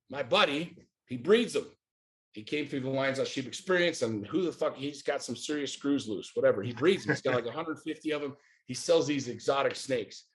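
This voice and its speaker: A man in his forties from the United States, a podcast guest talking in a blunt, emphatic, profane way. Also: a little high. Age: 40s. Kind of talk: casual chat.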